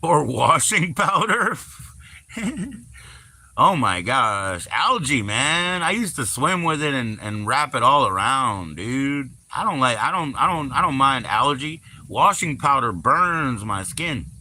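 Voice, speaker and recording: Bright, loose-talking man on a livestream. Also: mid-range voice, big pitch swings, unhurried, few pauses. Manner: loose, swearing, laughs often, lots of fillers. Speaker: livestream host. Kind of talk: casual rambling livestream chat.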